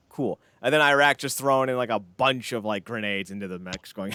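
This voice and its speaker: A man co-hosting a casual wrestling podcast, ranting in an animated, sarcastic way with frequent swearing. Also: medium pitch, brisk, clean tone, no echo. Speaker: podcast co-host.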